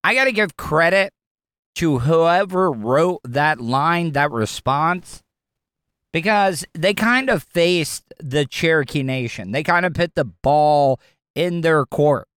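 Southern talk radio host, male, somewhat high smooth voice, blunt and rambling, dry studio sound. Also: expressive, slow pace, fairly bright tone, dry recording. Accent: Southern American. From American South. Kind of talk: opinionated talk radio monologue.

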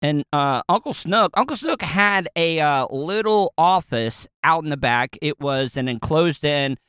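A man's voice: fairly high pitch, animated, measured pace, fairly bright tone, clean tone, dry recording. A man with a Southern US accent telling a casual, rambling story to his viewers, with lots of fillers, restarts and chuckles.

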